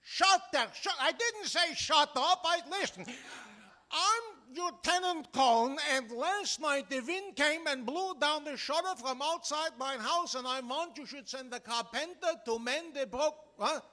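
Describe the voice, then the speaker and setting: A man's voice: very high voice, lively intonation, unhurried, sharp tone, pitched above the performer's own voice, full character voice. A man playing a flustered immigrant businessman on the telephone, in a stage Yiddish dialect, exasperated and repeating himself as he mixes up his words in a vaudeville comedy sketch.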